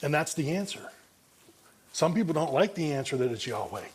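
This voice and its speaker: A man's voice: on the high side, sing-song, fairly quick, slightly rough. A male pastor preaching an expository sermon, reading and comparing Bible translations, often restarting his phrases. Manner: frequent restarts and repeated words.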